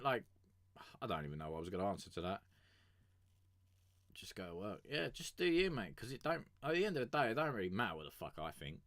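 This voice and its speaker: A man chats through his music reviews in a fairly low voice. He rambles, swears freely and often trails off mid-thought. The sound is dry and close, with no room echo. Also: a bit bright. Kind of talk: casual live-stream commentary.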